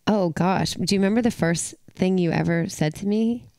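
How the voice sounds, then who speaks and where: A woman's voice: fairly low pitch, moderate pace, a little mellow, no echo. A woman hosting a podcast in casual chat, telling stories and acting out what other people said. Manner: chatty, acts out quotes from others. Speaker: podcast host.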